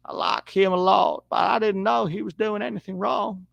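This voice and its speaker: A man doing a slow, drawling politician impression. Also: high-pitched, steady tone, gravelly, a bit bright, dry recording, highs cut off, pitched above the performer's own voice, exaggerated voice. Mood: mock-innocent. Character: impression of an older male politician denying wrongdoing.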